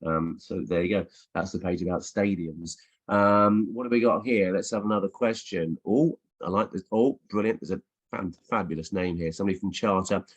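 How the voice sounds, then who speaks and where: Deep, slightly rough, and steady in tone, this middle-aged man talks at normal speed on a lo-fi recording. He's a children's author doing a casual virtual Q&A with schools from his home office, reading aloud, playful, and given to many ums and restarts.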